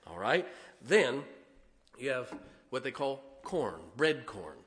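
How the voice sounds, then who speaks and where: A man's voice: mid-range voice, big pitch swings, takes it slowly, fairly bright tone. A man preaching a sermon in a folksy, conversational way as pastor, demonstrating points with props. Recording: long hall reverb.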